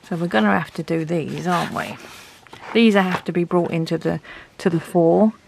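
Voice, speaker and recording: Chatty woman with a gravelly voice. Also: on the low side, normal speed, a little mellow, a little hiss or hum, rough recording. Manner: chatty, thinking aloud while testing. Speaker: art supply reviewer. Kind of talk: casual product review.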